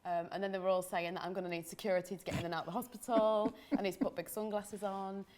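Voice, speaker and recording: Fast-talking chatty woman guest. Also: medium pitch, fairly even intonation, a little mellow. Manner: chatty, good-humoured storytelling. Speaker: guest fan in the news. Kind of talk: casual interview chat.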